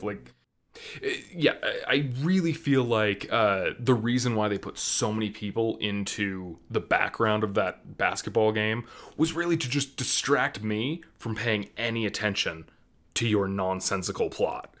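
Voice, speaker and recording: A man hosting a casual movie review chat, animated and sarcastic, laughing often. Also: fairly low pitch, a little slow. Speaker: movie review podcast host.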